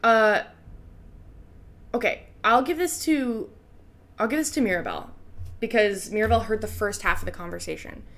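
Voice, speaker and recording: A woman's voice: mid-range voice, moderate pace, long pauses, a bit bright. A woman running a tabletop game as game master, talking casually and laughing often.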